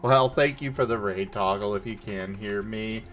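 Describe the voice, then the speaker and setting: A man's voice: lowish voice, moderate pace, fairly bright tone, faint music behind. A man hosting a livestream, welcoming viewers and chatting casually with plenty of fillers. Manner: rambling, filler-heavy. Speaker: streamer host.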